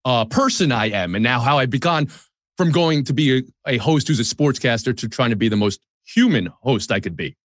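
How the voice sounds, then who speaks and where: A man's voice: medium pitch, lively intonation, fairly quick, no echo, clean studio sound. A man in his forties from the New York area, a sports TV host talking candidly and self-deprecatingly in a podcast conversation.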